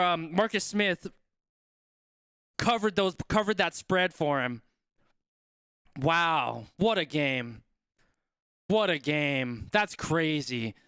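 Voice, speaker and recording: A high-voiced, excitable man hosts a live sports watch-along and calls the action as it happens. His delivery is unhurried but bright and sharp, and he keeps repeating his exclamations. The sound is dry and close. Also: smooth, dry recording. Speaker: live stream host.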